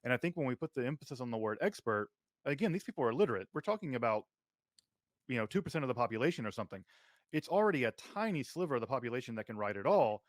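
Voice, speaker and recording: A man's voice: medium pitch, very animated, very fast, no room sound. A man hosting an academic conversation, speaking emphatically and articulately. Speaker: podcast host.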